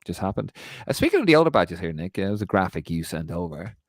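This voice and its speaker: Lively man telling stories. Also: sits low, quick pace, dry recording, clean studio sound. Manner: swearing, laughing storyteller. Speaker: podcast co-host. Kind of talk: casual podcast chat.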